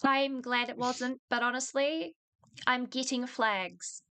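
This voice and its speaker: A young woman with a New Zealand accent in her twenties, casually telling a long personal story on a podcast, animated, swearing freely and laughing between lines. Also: high-pitched, takes it slowly, clear, resonant tone. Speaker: podcast co-host.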